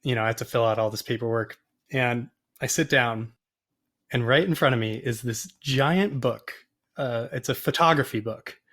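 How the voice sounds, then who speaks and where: A man guest telling a rambling, animated story in a casual interview, often acting out the voices of people he quotes. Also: medium pitch, normal speed. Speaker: photographer and podcast guest.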